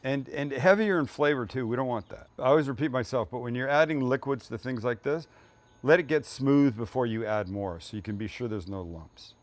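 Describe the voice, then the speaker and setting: A man's voice: medium pitch, a little fast, dry recording. A middle-aged man hosting a cooking show, talking casually and upbeat while he cooks, with jokes along the way. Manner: chatty, upbeat, jokey.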